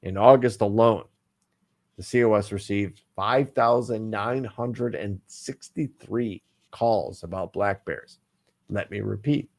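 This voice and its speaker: A man's voice: lowish voice, a little slow. A man co-hosting a casual online talk show, reading a news story aloud with hammy jokes, stumbles and asides. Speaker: podcast co-host.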